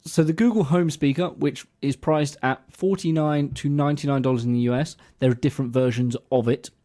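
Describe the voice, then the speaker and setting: A man's voice: a little high, fairly even intonation, a little fast, mellow. Give me a chatty man explaining things on a casual podcast. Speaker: podcast co-host.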